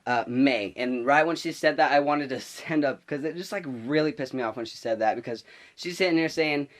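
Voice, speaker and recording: A teenage boy telling a story in a casual vlog, rambling and animated, full of restarts and filler words. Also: on the high side, a little fast. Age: teens. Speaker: vlogger.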